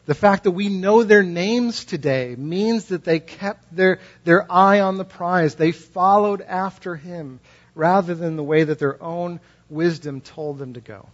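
A man's voice: sits high, unhurried, dull audio. A male pastor preaching a sermon, telling stories with passion and emphatic repetition.

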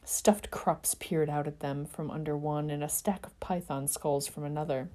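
Woman storyteller, expressive and dramatic, dark low tone. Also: normal speed. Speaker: fan fiction reader. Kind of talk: storybook narration.

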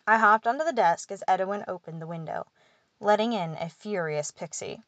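A woman reading a first-person fantasy audiobook in a measured, steady way. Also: medium pitch, no echo. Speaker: audiobook narrator.

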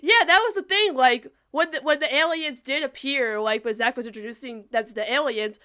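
A woman's voice: high-pitched, brisk, bright, forceful tone, smooth. A young woman co-hosting a casual podcast chat, giggling often and rambling with lots of fillers. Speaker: podcast co-host. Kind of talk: casual chat reviewing a cartoon episode.

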